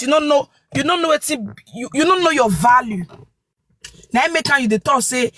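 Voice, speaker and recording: A woman's voice: sits high, brisk, a little hiss or hum, low-quality recording. A woman caller with a Nigerian Pidgin accent giving earnest advice over the phone, repeating her points for emphasis. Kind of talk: call-in advice.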